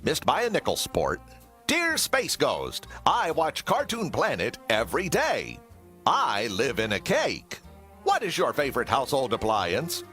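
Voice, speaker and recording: A pompous cartoon superhero host. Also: male voice, medium pitch, wildly swooping pitch, a little slow, pushed and bright, soft background music, exaggerated voice. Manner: pompous, self-important, theatrical. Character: pompous, vain superhero talk-show host. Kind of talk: TV cartoon voice acting.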